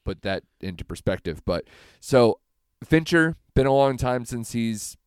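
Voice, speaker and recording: A man hosting a film podcast, chatting casually in a rambling way with quick asides. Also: mid-range voice, animated, clean tone, dry recording, studio quality. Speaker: podcast host.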